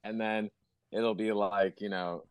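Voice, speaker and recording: A man's voice: on the low side, flat delivery, measured pace, clear, resonant tone, no echo. A man talking in casual podcast chat as a guest musician, rambling with lots of swearing and fillers.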